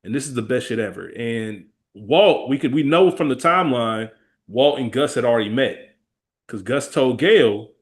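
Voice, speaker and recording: A man's voice: medium pitch, normal speed. Chill guy on a podcast, easygoing slangy talk, mid voice. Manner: laid-back, slangy, lively retelling. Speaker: podcast co-host. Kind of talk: casual chat.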